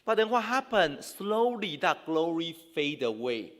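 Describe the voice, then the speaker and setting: A pastor preaches to young people in a church hall, his fairly high voice leaping up and down with lively energy. He talks slowly and conversationally, stumbling over fillers and restarting his sentences. The sound carries a long reverb from the hall around him.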